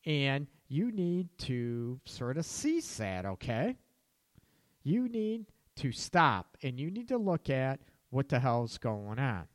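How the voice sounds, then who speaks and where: A counselor talking straight to his listeners in a blunt, cursing way, with sharp emphasis on key words. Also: fairly high pitch, sing-song, slow pace, no echo, clean studio sound. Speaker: relationship counselor. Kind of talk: casual advice monologue.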